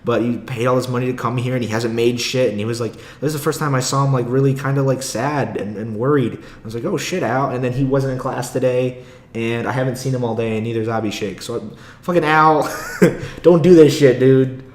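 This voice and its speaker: Young man, casual podcast ramble, swears a lot, laughs often, average pitch, roomy echo. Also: steady tone, quick pace. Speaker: aspiring stand-up comic. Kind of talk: casual solo podcast monologue.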